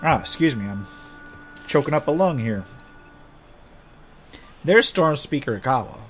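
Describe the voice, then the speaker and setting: A man's voice: medium pitch, animated, unhurried. This is a laid-back man playing through a role-playing game, who reads the story text aloud and thinks aloud between the lines. He has a middling voice, and game music plays faintly behind it. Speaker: let's play host. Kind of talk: casual gameplay commentary, reading game text aloud.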